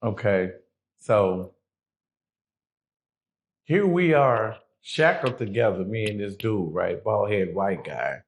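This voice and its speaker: A man's voice: lowish voice, lively intonation, slow, long pauses. A middle-aged man, a guest, telling a prison story in casual, profane street talk, acting out the people he quotes.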